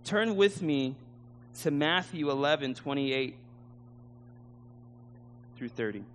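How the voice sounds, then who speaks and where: A man's voice: medium pitch, expressive, slow pace, slight background noise. A man preaching a sermon, telling a story with emotion and laughing at himself. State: tearful at times.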